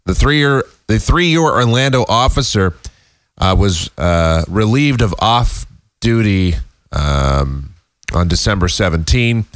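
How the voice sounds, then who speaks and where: A man's voice: fairly low pitch, lively intonation, takes it slowly, dry recording. A male talk show host with a congested, growly, nasal voice, chatting in a rambling way with wry asides. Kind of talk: casual talk show monologue.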